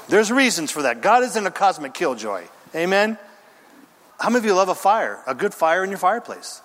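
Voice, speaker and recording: A male pastor preaches with a high, lively voice that swings widely in pitch. His delivery is emphatic and theatrical, with pauses and rhythmic lists. The sound carries a long reverb from a church sanctuary. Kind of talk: sermon.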